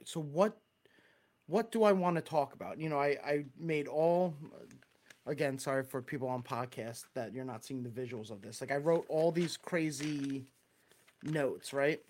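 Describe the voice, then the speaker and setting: Rambling Long Island man, fairly high voice. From Long Island, New York. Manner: rambling, many fillers and restarts. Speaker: speaker at a church group meeting. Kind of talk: casual talk to a group.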